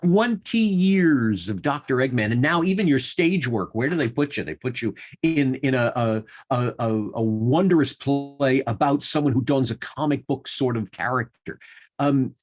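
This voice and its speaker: A man's voice: mid-range voice, expressive, moderate pace. A man hosting an interview, effusive and hesitant, with many restarts. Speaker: interviewer, host. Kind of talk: casual interview talk.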